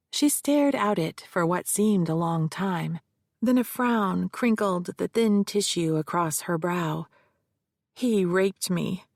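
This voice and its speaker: A woman reads a first-person mystery audiobook in a measured, steady way. Her voice sits low with a gravelly texture. The recording is dry and close. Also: no echo. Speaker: audiobook narrator.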